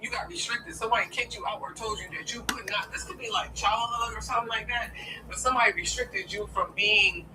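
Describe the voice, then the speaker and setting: Here the tarot reader's voice is a little high and her pace brisk as she reads cards casually for viewers, swearing freely and speaking bluntly. "Okay?" comes up again and again, recorded from a distance with constant background noise.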